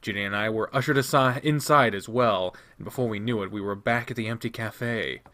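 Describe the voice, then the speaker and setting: A man reading a visual novel aloud, narrating expressively with quick restarts. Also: fairly low pitch, fairly bright tone. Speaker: game reader.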